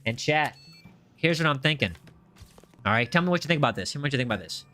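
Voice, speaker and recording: A man's voice: mid-range voice, expressive, fast talker, pushed and bright. A man hosting a live gameplay stream, reading chat aloud and chatting in a playful, teasing way. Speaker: gaming livestream host.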